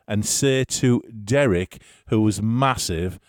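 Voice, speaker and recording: Man, low-pitched, casual chatty anecdote teller, dry recording. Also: animated, moderate pace, a little mellow, no echo. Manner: chatty, chuckling, rambling storyteller.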